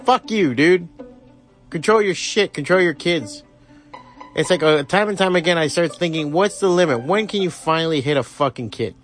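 A man's voice: fairly high pitch, animated, normal speed, soft background music. A man hosting a podcast, ranting with heavy swearing and sarcastic asides. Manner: heated, sarcastic, swears constantly. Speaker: podcast host. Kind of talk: profane ranting commentary.

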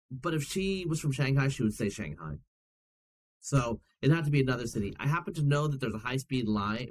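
A man, a podcast guest, talking in a casual and animated way, rambling through stories with many fillers and restarts. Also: medium pitch, rough recording. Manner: animated storyteller. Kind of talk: casual chat.

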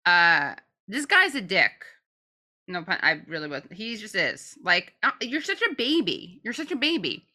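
A woman's voice: medium pitch, very animated, measured pace, sharp tone. A woman co-hosting a casual commentary chat, blunt and profane, joking as she reacts. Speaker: co-host.

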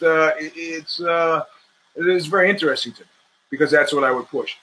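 A fairly high-pitched man, sounding pushed and bright over a rough recording, hosts his own show. He talks through fight predictions in a rambling, casual sports monologue. His delivery is opinionated, full of swearing and street slang, and he keeps restarting sentences partway through.

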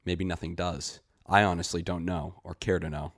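A man reading a short story aloud and voicing a wary village herb woman who scolds in hushed tones. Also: deep voice, fairly even intonation, moderate pace, husky, dry recording, clean studio sound. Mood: urgent, scolding.

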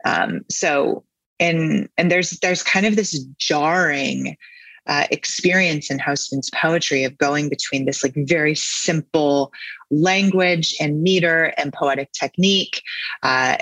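A man's voice: on the high side, fairly even intonation, takes it slowly, sharp tone, no room sound, low-quality recording. A man hosting a poetry podcast, explaining a poem in a thoughtful, musing way and then reading it aloud. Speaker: podcast host.

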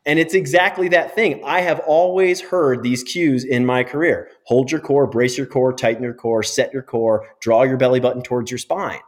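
A man's voice: medium pitch, steady tone, moderate pace, few pauses. Middle-aged male physio guest, emphatic explainer, interview podcast.

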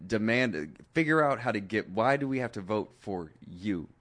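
A man with a low, steady voice rants through a casual podcast conversation. He talks with animation, swearing freely and slipping into mimicked voices for the people he quotes. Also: normal speed. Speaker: podcast guest. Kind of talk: casual chat.

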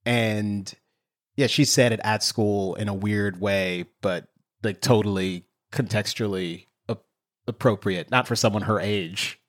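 A man hosting a casual podcast, telling stories in an animated way and laughing often. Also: fairly low pitch, measured pace. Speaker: podcast host.

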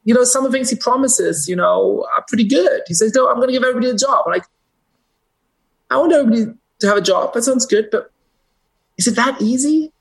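A man's voice: very high-pitched, quick pace, creaky, pitched above the performer's own voice. German man mimicking a folksy working-class comic. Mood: folksy uneasy. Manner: hesitant, folksy musing. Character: working-class male comedian from New Jersey, folksy and uneasy.

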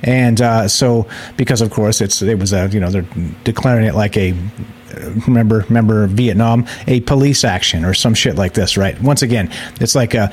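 A man's voice: lowish voice, normal speed. Rambling sarcastic male podcast host. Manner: rambling, sarcastic, full of fillers and restarts. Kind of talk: casual live-show monologue.

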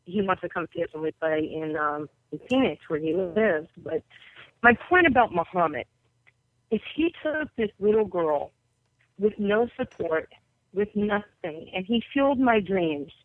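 Her voice lowish and animated, a little slow, a New York basketball coach tells personal stories during a podcast interview, acting out quoted people's voices with vivid flair. The audio is a dry, tinny phone line, no echo.

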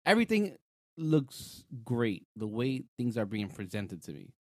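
A man co-hosting a casual show chat, talking in an animated, rambling way with lots of fillers. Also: mid-range voice, measured pace, no room sound, studio quality. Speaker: podcast co-host. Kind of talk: casual chat reviewing a TV episode.

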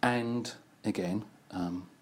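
Husky man telling anecdotes. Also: on the low side, slow. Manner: anecdotal storyteller, animated delivery. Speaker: advertising creative who casts voice actors. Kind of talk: casual conversation.

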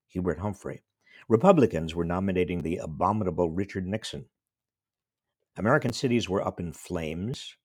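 A man's voice: low-pitched, a little mellow, breathy edge, dry recording, studio quality. A man in his seventies from small-town New York, a professor telling a wry, reflective personal story. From small-town New York State. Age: 70s. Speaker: professor and commentator. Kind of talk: storytelling monologue.

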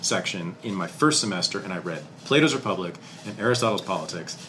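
A middle-aged man, a historian, telling his life story in a casual interview, candid and animated, swearing casually. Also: deep voice, quick pace, a little hiss or hum.

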